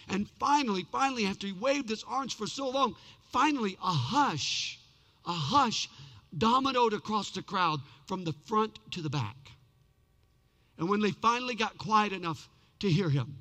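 A man with a very high, bright voice preaches in a church sanctuary, telling his story with big swings between shouted peaks and hushed lows. His words ring out with a long reverb that fills the hall. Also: normal speed. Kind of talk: sermon.

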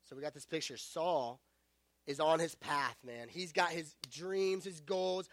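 High-voiced casual young male preacher. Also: unhurried, dry recording. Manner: casual, animated storytelling with self-aware jokes. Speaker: youth pastor. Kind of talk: sermon to a youth group.

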